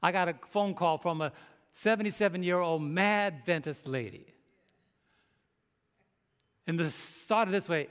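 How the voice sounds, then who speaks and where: High-voiced male preacher in a hall. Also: moderate pace, pauses often, a bit bright, clean tone. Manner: emphatic, with rhetorical questions to the congregation. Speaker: pastor. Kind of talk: sermon.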